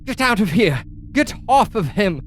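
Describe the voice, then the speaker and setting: A man's voice: high-pitched, very animated, unhurried, a little hiss or hum, pitched above the performer's own voice. A man voicing a delicate, bookish woman near fifty who orders fighters off a golem in a tabletop game. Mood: commanding. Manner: scolding, commanding. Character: commanding bookish human woman in her late forties.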